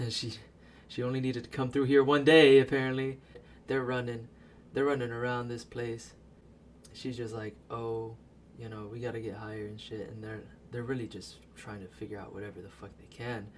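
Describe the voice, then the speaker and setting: A man giving a casual, profane recap of a movie as a voice-over, animated and laughing as he tells it. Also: medium pitch, normal speed, a little hiss or hum. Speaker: video creator.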